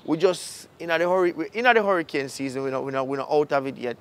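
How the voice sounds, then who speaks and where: A man's voice: a little high, fast talker, clear, resonant tone. A man with a Jamaican accent, a filmmaker hosting his channel, talking casually to viewers in patois-tinged speech. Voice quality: Jamaican patois phrasing, relaxed. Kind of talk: casual outro talk to viewers.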